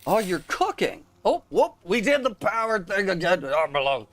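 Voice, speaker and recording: A young man plays a game on stream and talks casually to viewers, rambling, laughing often and naming people in chat. His high-pitched, somewhat bright voice swings widely in pitch at a moderate pace, with no echo.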